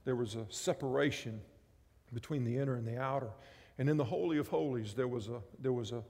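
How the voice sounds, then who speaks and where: A man delivers a sermon from the pulpit, leaning into repetition and rising emphasis. His voice sits at an ordinary middle pitch. The sound carries a long reverb, as in a large church hall. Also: fairly quick, a little mellow. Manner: emphatic, repetitive preaching cadence. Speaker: pastor.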